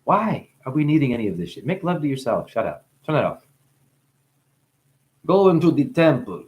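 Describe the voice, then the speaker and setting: A man in a rambling spiritual monologue, free-associating through wordplay and profanity, dropping to hushed asides and breaking into crooning. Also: mid-range voice, big pitch swings, normal speed. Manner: profane, teasing. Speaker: spiritual talker.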